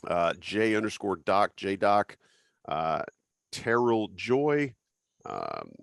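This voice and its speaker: A man with a low voice hosts a casual sports podcast, joking around in a loose, easy way. He is recorded dry and close to the microphone. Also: huge pitch swings, slow, gravelly, clean tone, no echo. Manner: joking, loose, reads out listener names. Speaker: podcast host.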